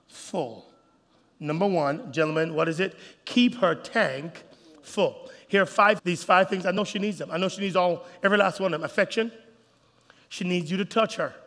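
Animated preacher in a reverberant hall. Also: male voice, high-pitched. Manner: animated, acts out voices, calls out to the crowd. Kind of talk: sermon.

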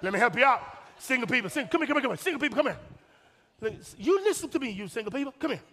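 A man's voice: very high-pitched, animated, very fast, pushed and bright. A man preaching a sermon as pastor, emphatic and folksy, repeating his points and speaking directly to the congregation. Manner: folksy and humorous. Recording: long hall reverb.

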